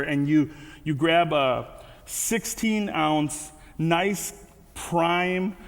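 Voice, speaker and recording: A man giving a casual, conversational sermon with frequent restarts and asides. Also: a little high. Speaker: guest speaker. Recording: reverberant hall.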